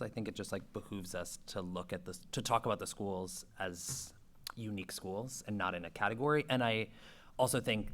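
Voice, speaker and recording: A man's voice: lowish voice, fairly bright tone. A man on a school committee asking questions at a public meeting, speaking casually and hedging often. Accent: Boston.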